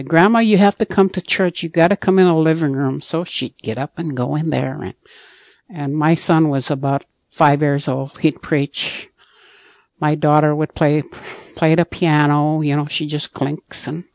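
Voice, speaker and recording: A woman's voice: sits low, darkish tone, dry recording. A woman from Alaska gives a personal testimony as a guest, retelling past conversations by quoting what each person said. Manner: reenacts conversations with quoted dialogue. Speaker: guest telling her life story.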